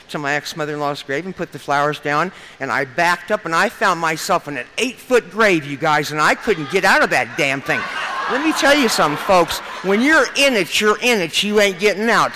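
A woman's voice: deep voice, bright, forceful tone, a little hiss or hum, low-quality recording. A woman in her fifties from Nebraska, speaking at a recovery meeting in a chatty, humorous storytelling style, often addressing the crowd as you guys. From Lincoln, Nebraska. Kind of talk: storytelling talk at a podium.

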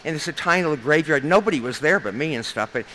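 Fast-talking folksy woman telling stories. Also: sits low, expressive, fairly bright tone, a little hiss or hum, poor audio. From Lincoln, Nebraska. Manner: chatty, folksy, humorous, addresses crowd as you guys. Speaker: recovery meeting speaker. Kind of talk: storytelling talk at a podium.

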